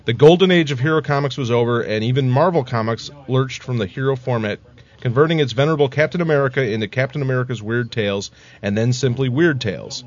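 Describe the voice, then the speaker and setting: A man reads a prepared history aloud to his podcast co-hosts. His voice sits at a middle pitch and keeps an even, steady read. The sound is dull and lo-fi. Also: fast. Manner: reads steadily, laughs at own slips. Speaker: podcast co-host reading history. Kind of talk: reading a script aloud in a casual podcast.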